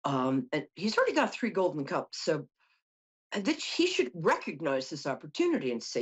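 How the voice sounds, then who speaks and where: A woman's voice: low voice, wildly swooping pitch, normal speed, breathy edge, dull audio. A middle-aged woman hosting a call-in psychic show, reading tarot cards in a chatty, joking way with lots of asides. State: tired from no sleep. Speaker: psychic host.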